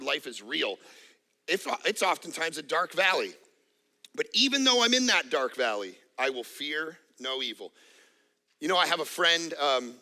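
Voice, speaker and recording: A middle-aged man preaching a sermon as a pastor, animated, acting out little voices and jokes. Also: mid-range voice, gravelly. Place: church auditorium.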